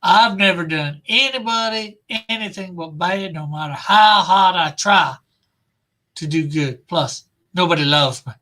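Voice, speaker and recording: A man's voice: high-pitched, measured pace, pushed and bright. A man voicing a despairing young man who feels unloved and wants to die, reading the lines in a bitter, self-loathing way.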